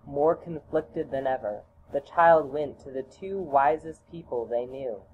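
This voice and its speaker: Slow, low-voiced woman reading a storybook. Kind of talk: reading a children's storybook aloud. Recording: tinny phone-like audio, faint hiss.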